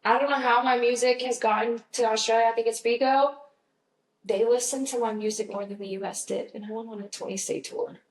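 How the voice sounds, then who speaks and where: A woman's voice: on the high side, fairly even intonation, fairly quick. A young woman from Georgia with a Southern accent, telling stories in an upbeat, chatty interview with lots of fillers. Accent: Southern American. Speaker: guest musician. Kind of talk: casual interview chat. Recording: roomy, slightly distant mic.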